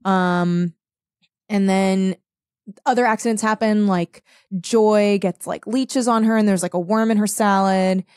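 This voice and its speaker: A woman's voice: mid-range voice, fairly even intonation, a little slow, darkish tone, smooth, no room sound, studio quality. A young woman co-hosting a podcast, chatting casually about a book, saying "like" often and swearing freely. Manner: chatty, frequent "like", profane, mimics characters. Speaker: podcast co-host. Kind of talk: casual book discussion chat.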